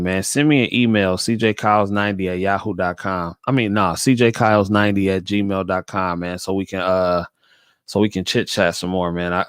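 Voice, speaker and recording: A man's voice: low voice, smooth, dry recording. Laid-back male host, dry close mic, casual reaction talk. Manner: laid-back, drawn-out remarks, says "man" often.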